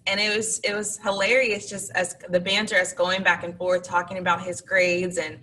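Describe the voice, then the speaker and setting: A woman tells classroom stories as a guest on an interview show, chatty and lively, and she voices her students as she goes. Her tone is bright and forward. She sits back from the mic, and a faint hiss of noise runs under her voice. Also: mid-range voice, normal speed, few pauses, recorded from a distance, poor audio. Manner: chatty anecdotal, acts out students. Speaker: teacher guest. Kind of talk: interview storytelling.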